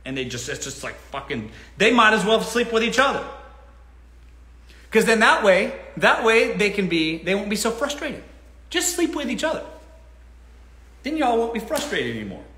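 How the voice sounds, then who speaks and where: A man's voice: high voice, sing-song, moderate pace, sharp tone, reverberant. A man hosting a casual livestream Q&A from home on his phone, blunt and mocking, often laughing. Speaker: livestream host answering questions. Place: indoors at home.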